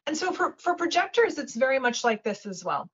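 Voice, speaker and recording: A guest speaker on a webinar coaches listeners casually and energetically, her high voice slightly husky and a bit rough, her pace fairly quick. She acts out little voices and keeps asking "right?", and the audio sounds dull and lo-fi.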